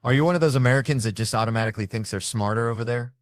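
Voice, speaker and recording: A man hosting a talk show, asking brisk questions and reading plugs with wry asides. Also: medium pitch, no echo, clean studio sound.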